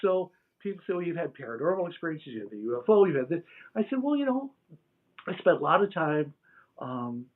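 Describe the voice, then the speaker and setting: Older guy, kinda high voice, animated storyteller doing little sound effects, tinny phone-line audio. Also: fast. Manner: animated, laughs and imitates sounds. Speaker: interview guest. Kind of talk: casual storytelling.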